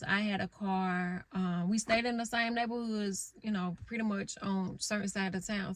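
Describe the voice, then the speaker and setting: A middle-aged woman vlogging from her parked car, telling stories in a blunt, rambling way and swearing freely. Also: mid-range voice. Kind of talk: casual candid storytelling.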